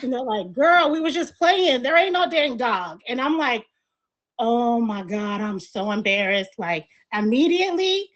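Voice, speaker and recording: A woman, a panelist telling a long story on a panel show and acting out the lines of the people in it. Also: mid-range voice. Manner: animated storyteller, acts out quotes.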